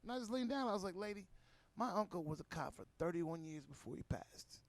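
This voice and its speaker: A man's voice: high-pitched, a little fast, dry recording. A man co-hosting a podcast, telling a profane story and acting out what people said, in a casual chat. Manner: profane, animated, acts out quotes. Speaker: podcast co-host, comedian.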